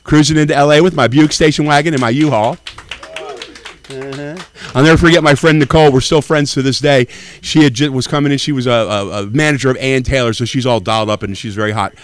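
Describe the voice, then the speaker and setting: A man's voice: mid-range voice, fairly even intonation, fast. A man in his sixties from Tennessee, doing brash, profane stand-up at an open mic. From Nashville, Tennessee. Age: 60s. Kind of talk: stand-up comedy.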